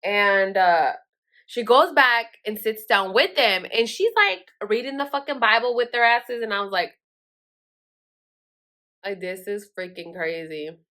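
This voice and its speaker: Chatty, bright-voiced woman vlogger. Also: on the high side, expressive, normal speed. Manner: chatty, profane, full of "like" fillers. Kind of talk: casual storytime.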